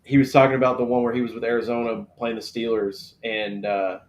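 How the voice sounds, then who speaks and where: A man with a mid-range, level voice talks a little fast while hosting a live draft stream, with slight background noise in an echoey room. He chats casually, telling laid-back stories sprinkled with swearing.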